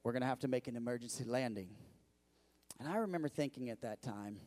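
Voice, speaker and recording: A man's voice: mid-range voice, expressive, quick pace, darkish tone, in a large hall. A middle-aged man preaching a sermon, telling a personal story in a conversational way and speaking directly to the congregation. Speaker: pastor.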